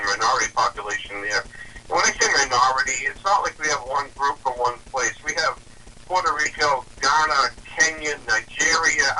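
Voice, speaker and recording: A man's voice: mid-range voice, pushed and bright, far from the mic, slight background noise, rough recording. A man from Massachusetts, a guest talking politics in an earnest, persuasive way. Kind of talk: political discussion.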